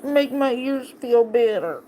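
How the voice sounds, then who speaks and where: A woman's voice: a little high, expressive, slow, dark tone, slight background noise, low-quality recording. A woman voicing a grumpy, whiny pet. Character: grumpy male pet, annoyed and sulky.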